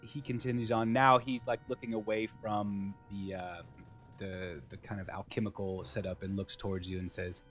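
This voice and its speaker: A man's voice: lowish voice, little pitch movement, normal speed, fairly bright tone, soft background music. A young man running a tabletop game as game master, describing scenes hesitantly with many fillers.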